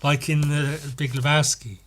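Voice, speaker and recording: A man's voice: mid-range voice, lively intonation, moderate pace, pushed and bright, breathy edge. A man hosting a solo comedy podcast, rambling and meandering, often stumbling and repeating words as he goes. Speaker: podcast host.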